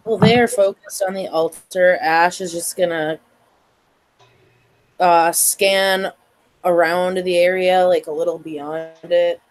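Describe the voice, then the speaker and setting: A player in a tabletop game, speaking calmly and unhurriedly. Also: medium pitch, slow pace, poor audio. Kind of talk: casual game chat.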